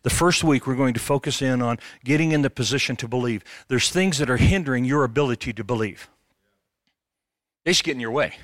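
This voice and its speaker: A middle-aged man preaching a sermon as a pastor, animated and conversational, with jokes. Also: mid-range voice, a little fast, no echo, studio quality.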